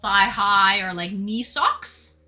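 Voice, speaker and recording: A woman's voice: mid-range voice, slow, pushed and bright, soft background music. A woman hosting a casual drinking livestream, greeting and thanking viewers as she chats. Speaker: livestream host.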